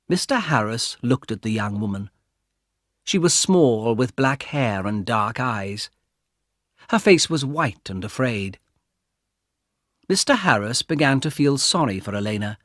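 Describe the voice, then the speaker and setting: A man narrating an audiobook of a graded reader, in a slow, clear storytelling manner. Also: medium pitch, expressive, a bit bright, no room sound, clean studio sound.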